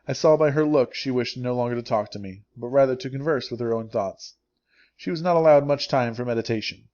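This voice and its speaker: Male audiobook narrator, mid-pitched, steady and clear; slightly dull lo-fi recording. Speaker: English teacher reading a novel aloud.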